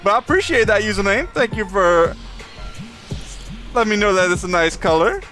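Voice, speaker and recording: Young male streamer, casual and talkative, reads chat and laughs a lot; light, high voice. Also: normal speed, pushed and bright, faint music behind. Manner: chatty, reads chat aloud, laughs often. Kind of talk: live gameplay commentary.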